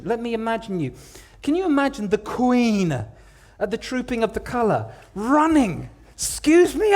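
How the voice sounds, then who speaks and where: A man gives a church sermon with dramatic storytelling, swinging from hushed tones to loud ones and repeating words for emphasis. He has a high voice.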